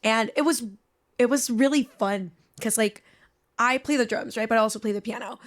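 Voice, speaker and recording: A woman's voice: a little high, moderate pace. A young woman from Mexico, a native Spanish speaker with a Mexican accent, answering interview questions in a chatty, bubbly way. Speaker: musician, band member.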